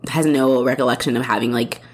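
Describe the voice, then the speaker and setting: A woman co-hosting a podcast, recapping a TV episode in casual chat, animated, laughing often and saying "like" a lot. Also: very deep voice, fairly quick. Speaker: podcast co-host.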